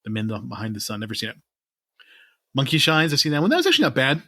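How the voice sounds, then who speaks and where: Man, podcast co-host, casual rambling chat, mid pitch, dry close mic. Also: huge pitch swings, fast, bright, forceful tone, no room sound. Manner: rambling, laid-back, trails off at ends of lines.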